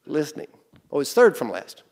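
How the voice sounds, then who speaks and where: A man's voice: a little high, wildly swooping pitch, brisk, a little mellow. A man giving an interactive, joking business lecture to a class, quizzing the audience and giving them exercises. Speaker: business speaker teaching a class.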